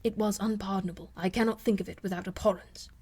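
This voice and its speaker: A proud young gentleman, read by a woman in an audiobook. His delivery is grave, unhurried and earnest, full of quiet remorse. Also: medium pitch, fairly even intonation, slightly rough, lightly acted. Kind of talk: audiobook character reading.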